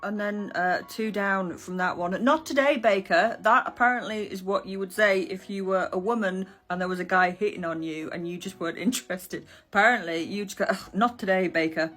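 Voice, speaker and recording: A woman talks casually to camera, explaining old slang with dry, sardonic humour. Her voice sits in an ordinary middle pitch. Faint music plays quietly behind her. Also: fairly even intonation, fairly quick, hardly any pauses. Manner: wry, sardonic asides. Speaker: historian presenting slang. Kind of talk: casual educational chat to camera.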